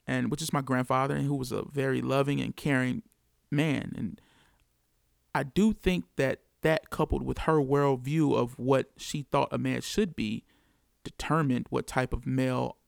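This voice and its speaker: A man's voice: mid-range voice, gravelly, dry recording, studio quality. A man from the United States telling his story as a father in an earnest, reflective monologue, repeating key phrases for emphasis.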